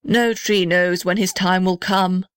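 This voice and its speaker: A woman's voice: mid-range voice, moderate pace, no echo, close to an everyday voice. Lady voicing a big old tree guy in a storybook, grave and wise, dry close sound. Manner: grave, declaring.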